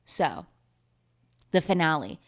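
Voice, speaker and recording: A woman's voice: low-pitched, sing-song, slow pace. A young woman vlogger giving a rambling, sarcastic, casual movie recap that is full of swearing.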